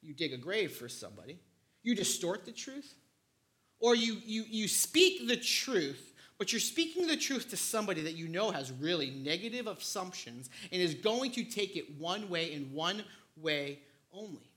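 Male pastor in his thirties, bright voice, animated storytelling sermon. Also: high-pitched, moderate pace. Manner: animated, acts out family scenes, repeats words.

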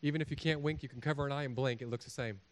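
A man with a mid-range voice preaches a sermon as a pastor, talking very fast. He's animated, telling jokey stories and acting out little voices.

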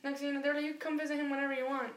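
A woman telling a story in casual chat, animated and profane, acting out the voices of the people in it. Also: sits high, racing, roomy sound. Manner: animated, profane, acts out quotes.

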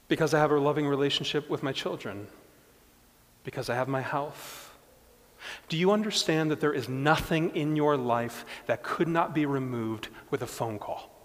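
A male pastor delivering a sermon in a fairly high voice. He swings between hushed, searching reflection and loud, emphatic preaching, and his words ring out with a long hall reverb behind them.

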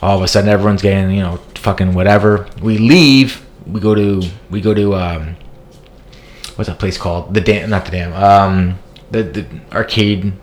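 A man's voice: low voice, fairly even intonation, moderate pace. A man in his thirties telling a long, rambling, profane story as a podcast co-host. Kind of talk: casual storytelling chat.

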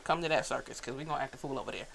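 A woman's voice: a bass voice, very fast, creaky, noisy background. A woman comedian as a podcast guest, talking loosely and playfully and laughing often. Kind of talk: casual chat.

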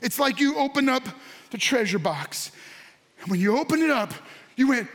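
High-voiced man preaching with animated shouts. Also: moderate pace, pauses often, slight background noise. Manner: animated, bursts into excited shouts; addresses congregation and online viewers directly. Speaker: pastor. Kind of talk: sermon.

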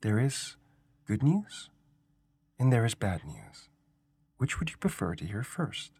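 A man doing a soft, authoritative mystery woman. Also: fairly low pitch, very animated, slow, breathy edge, no room sound, exaggerated voice. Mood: cryptic. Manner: soft, authoritative but helpful.

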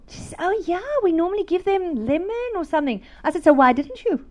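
A woman with a high, light voice delivers a lively testimony from the pulpit. She acts out the people in her story, dropping to a hush and then bursting into laughter. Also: moderate pace. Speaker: speaker at a church. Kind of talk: testimony sermon.

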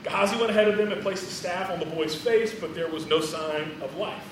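A man's voice: high voice, brisk, recorded from a distance, noisy background. A man preaching a sermon in a casual, joking way, often chuckling between phrases. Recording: echoey hall, voice from afar.

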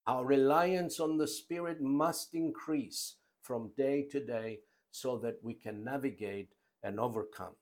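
Preaching with emphasis in a mid-range voice, this man lets his loudness rise and drop while keeping each phrase slow and measured.

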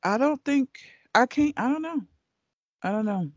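A woman's voice: high-pitched, measured pace, no echo, highs cut off. A woman co-hosting a casual podcast, telling stories in a blunt, profane way. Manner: blunt, profane, animated storyteller. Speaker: podcast co-host.

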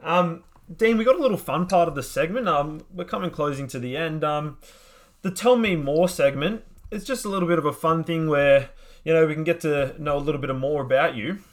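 A man's voice: on the high side, brisk. A man hosting a podcast interview, enthusiastic, with frequent ums and laughs. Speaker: podcast host. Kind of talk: casual interview chat.

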